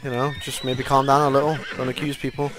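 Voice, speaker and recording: A man's voice: mid-range voice, level tone, fast, fairly bright tone. Sarcastic young man trolling over noisy voice chat. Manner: teasing, sarcastic, playfully provocative. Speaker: gaming streamer trolling in roleplay. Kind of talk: mocking in-game roleplay chat.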